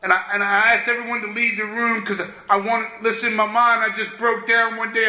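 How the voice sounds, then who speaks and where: A man's voice: sits high, little pitch movement, fairly quick, hardly any pauses, bright, forceful tone. A man giving a candid, emphatic personal share at a recovery meeting, often throwing in "man" and "listen". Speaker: speaker sharing at a recovery meeting. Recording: dull lo-fi echoey room.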